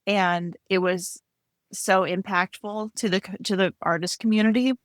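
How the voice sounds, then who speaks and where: A woman co-hosting a podcast about art, talking in a relaxed, reflective way with frequent fillers. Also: medium pitch, normal speed, no echo, studio quality. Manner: warm, reflective, lots of fillers and laughs. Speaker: podcast co-host. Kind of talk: casual chat.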